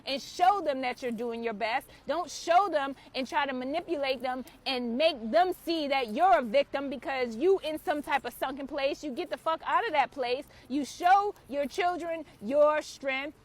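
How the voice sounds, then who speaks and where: A woman's voice: high-pitched, normal speed, few pauses. A woman hosting her own spiritual channel, giving an impassioned, preachy talk to camera and swearing freely. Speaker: spiritual author and channel host.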